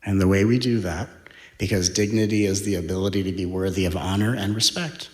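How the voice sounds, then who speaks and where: A man giving a spiritual talk, speaking in slow, deliberate phrases and dropping to a hushed whisper for emphasis. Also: low-pitched, fairly even intonation, echoey room. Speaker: spiritual teacher.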